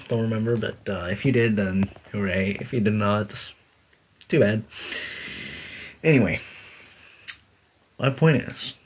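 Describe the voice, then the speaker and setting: A young man streaming, chatting casually and rambling with lots of fillers as he laughs at himself. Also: mid-range voice. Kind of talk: casual live-stream chat. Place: sitting on a bed indoors.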